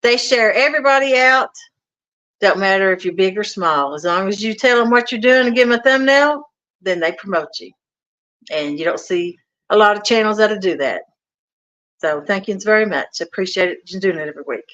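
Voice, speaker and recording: A woman's voice: medium pitch, lively intonation, fairly quick, fairly bright tone. A woman hosting a casual livestream from a home kitchen, greeting viewers and reading out their comments in a folksy, chatty way. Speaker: livestream host. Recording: dull lo-fi stream audio.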